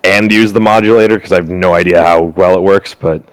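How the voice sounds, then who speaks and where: A man's voice: deep voice, steady tone, brisk, clear, resonant tone, no room sound, rough recording. A man playing in a tabletop game, explaining his character in a hesitant, apologetic way. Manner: hesitant, apologetic, many restarts. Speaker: player. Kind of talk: casual chat at a tabletop game.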